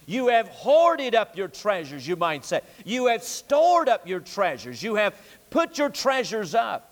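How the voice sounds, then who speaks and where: A man's voice: high voice, very animated, a little slow, big-room sound. A male pastor preaching an evening sermon in an emphatic, repetitive preaching cadence, recorded in a church sanctuary.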